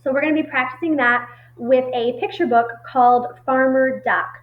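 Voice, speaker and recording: A woman teacher giving a recorded reading lesson to children, explaining in a friendly way with frequent pauses and fillers. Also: sits high, steady tone. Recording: echoey muffled room recording.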